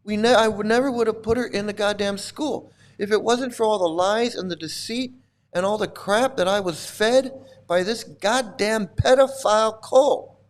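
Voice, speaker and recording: High-voiced man in an angry rant. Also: normal speed. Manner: furious, repetitive, swearing, bitter. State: angry, voice breaking at times. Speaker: channel host, cult critic. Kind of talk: angry monologue to camera.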